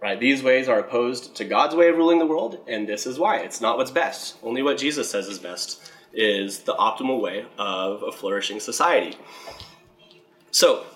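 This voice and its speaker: A man explaining a Bible passage in a relaxed, conversational way, often checking in with "right?" and reading scripture aloud. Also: medium pitch, moderate pace, low-quality recording. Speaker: Bible teacher. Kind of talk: casual Bible teaching.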